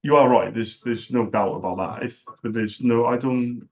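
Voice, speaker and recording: A man's voice: medium pitch, normal speed, a little mellow. A man who runs a small business, chatting casually and making a sales call, earnest and repeating himself as he talks. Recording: dull lo-fi recording.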